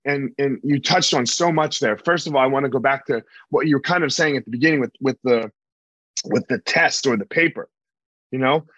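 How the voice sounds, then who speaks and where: A man hosting a podcast from a hotel room, relaxed and affirming, often repeating himself. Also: medium pitch, a little fast, no room sound. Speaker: podcast host. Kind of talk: casual interview chat.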